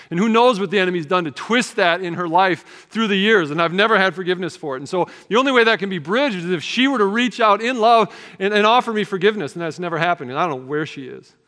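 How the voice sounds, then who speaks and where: A man's voice: high voice, a bit bright. A man preaching a sermon, telling a childhood story in an earnest, conversational way with casual fillers. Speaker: pastor. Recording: long hall reverb.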